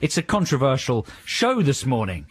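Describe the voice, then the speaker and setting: A man in his thirties co-hosting a radio show in casual banter, playful and quick to mimic voices. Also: mid-range voice, wildly swooping pitch, husky, dry recording. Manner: playful, puts on silly voices mid-story. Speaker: radio co-host. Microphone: studio microphone.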